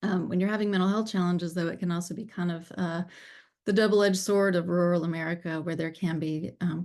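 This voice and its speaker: Female guest speaker on a video call, from Appalachian North Carolina, lower voice, candid and earnest. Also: darkish tone. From Southern Appalachian North Carolina. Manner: earnest, candid, with frequent ums and restarts. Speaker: guest speaker, peer support program director. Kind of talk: personal testimony in a webinar.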